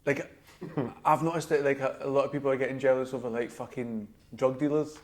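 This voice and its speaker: A man's voice: mid-range voice, fairly even intonation, fairly quick. A young man with a West of Scotland accent co-hosting a podcast in casual, sweary, blunt chat. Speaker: podcast co-host.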